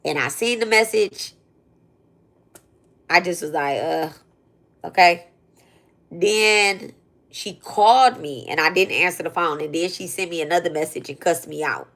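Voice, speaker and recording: A woman's voice: on the low side, normal speed, a bit bright. A woman telling a personal story in a blunt, profane, rambling way, as a spiritual content creator talking to her viewers. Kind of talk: casual storytelling rant.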